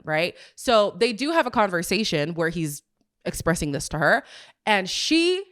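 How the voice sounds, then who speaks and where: A woman's voice: mid-range voice, normal speed. A woman hosting a podcast, recapping a reality show in a sassy, exasperated, chatty way. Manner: animated, sassy, exasperated asides. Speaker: podcast host. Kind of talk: casual recap commentary.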